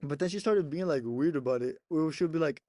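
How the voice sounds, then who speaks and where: A man's voice: a little high, fast, mellow, no room sound. Laughing young man telling a story. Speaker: podcast co-host. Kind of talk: casual storytelling chat.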